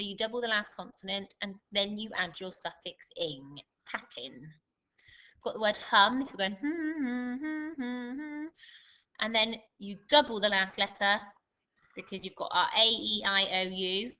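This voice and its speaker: Woman, primary school teacher, bright voice, patient deliberate explaining. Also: mid-range voice, low-quality recording. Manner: slow, deliberate dictation with clear emphasis; patient, encouraging explaining to children. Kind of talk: remote spelling lesson for young children.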